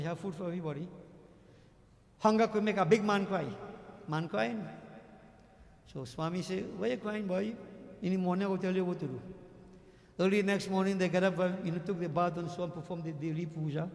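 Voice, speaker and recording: A man with a Trinidadian accent, a pundit giving an animated religious discourse full of stories, addressing his listeners as devotees. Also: sits high. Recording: echoey hall with long reverb.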